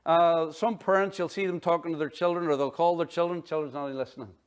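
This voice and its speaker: A middle-aged man preaching a sermon in an animated, conversational way, full of asides. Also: fairly high pitch, fast talker, smooth. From Northern Ireland. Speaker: pastor.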